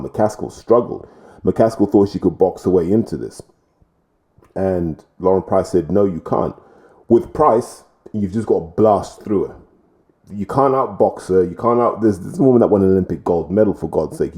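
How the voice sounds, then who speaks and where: A man's voice: lowish voice, warm tone. A man giving blunt, opinionated boxing commentary in a rambling vlog style.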